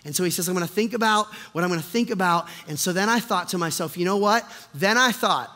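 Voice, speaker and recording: A man preaching a sermon as pastor, impassioned, swinging from hushed reflection to loud urgent questions. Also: high-pitched, fast, few pauses. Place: church sanctuary. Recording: long hall reverb.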